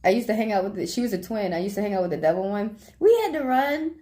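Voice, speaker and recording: Fast-talking and expressive, a young woman with a medium-pitched, dark voice runs a tarot livestream. She reads viewer questions aloud and answers in slangy, relaxed talk, laughing frequently through her stories.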